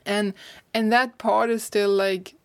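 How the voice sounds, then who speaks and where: A young woman from Germany chats through an interview, with a gravelly edge in her voice. She keeps her speech loose with lots of "like" and breaks into laughter often. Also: mid-range voice, flat delivery, slow pace. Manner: chatty, laughs often, many "like" fillers. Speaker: guest, author and course teacher. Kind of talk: casual interview talk.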